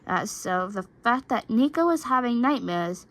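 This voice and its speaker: Slow, stumbling woman reading a story. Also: fairly high pitch, animated, a bit bright, low-quality recording. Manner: stumbling, frequent restarts and self-corrections. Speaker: fan fiction reader. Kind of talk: amateur reading aloud of fan fiction.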